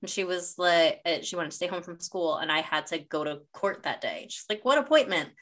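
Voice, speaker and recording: A middle-aged woman co-hosting a casual podcast chat, an animated storyteller who swears freely and acts out quotes. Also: fairly low pitch, a little fast. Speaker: podcast co-host.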